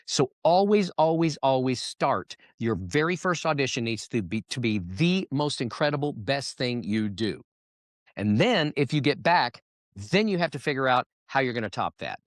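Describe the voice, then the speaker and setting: A guest entertainer in a casual interview chat, this man tells stories in an easy, animated way, sometimes slipping into playful character voices. His voice is an ordinary middle pitch at normal speed, and the sound is dry and close with no echo or room around it.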